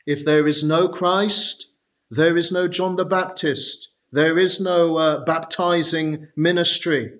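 Male preacher, higher-leaning voice, careful verse-by-verse sermon delivery. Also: a bit bright. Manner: measured, reads verses aloud then explains with frequent "uh" pauses. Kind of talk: expository sermon.

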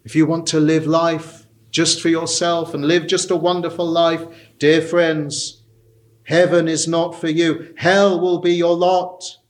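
A male preacher delivering a sermon at a slow, deliberate pace. His voice sits a little high for a man, and he lifts it further when he pleads. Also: level tone. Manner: earnest, slow and emphatic, rising in pitch for pleading passages.

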